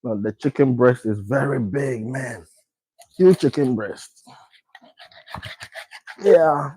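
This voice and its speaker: A man's voice: mid-range voice, warm tone, slightly rough, dry recording, poor audio. A man from Ghana talking casually through a home cooking video, repeating his words as he works. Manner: repetitive, unhurried, talks while working. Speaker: cooking vlogger.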